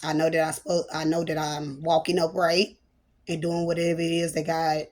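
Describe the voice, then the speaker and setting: A woman delivers a loose, conversational sermon as a prophetess. Her voice sits fairly low, and she is chatty and playful, dropping in exclamations of praise as she preaches. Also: little pitch movement, moderate pace, a little mellow. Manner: playful, chatty, breaks into laughter and church exclamations. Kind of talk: spoken prophetic message, casual preaching.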